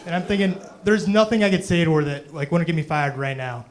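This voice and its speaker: A man's voice: a little high, expressive, quick pace. Rambling young man doing stand-up. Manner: rambling, self-deprecating, full of "you know" and "um". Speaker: stand-up comedian. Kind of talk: stand-up comedy set.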